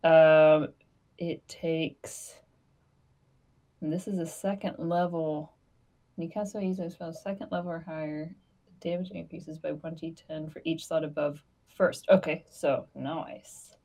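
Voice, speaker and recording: A woman talks slowly and in a low register as a player in a casual tabletop game. She thinks aloud and laughs often between her moves. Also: fairly even intonation, warm tone.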